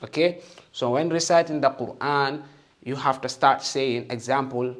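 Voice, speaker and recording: A man teaching the Arabic alphabet and Quran reading, patient and encouraging, often checking with "okay?" and sounding out each letter loudly for listeners to repeat. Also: medium pitch, normal speed. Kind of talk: slow patient alphabet lesson with call-and-repeat.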